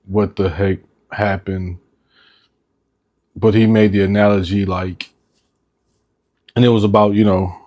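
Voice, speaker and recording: A man co-hosting a casual podcast, speaking in a halting, reflective way with lots of "you know". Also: on the low side, level tone, a little mellow. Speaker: podcast co-host.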